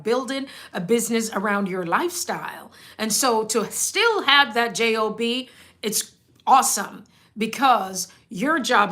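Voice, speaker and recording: A woman talks through a casual livestream, chatty and quick to laugh as she reads out viewer comments. Her voice is bright and clear, pitched in a middle range. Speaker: livestream host and business coach.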